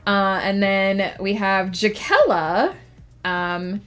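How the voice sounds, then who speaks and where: A woman's voice: medium pitch, lively intonation, drawn-out words, clean tone, faint music behind. A woman streamer chatting casually to her viewers, laughing often and talking with many fillers. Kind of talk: casual live-stream chat.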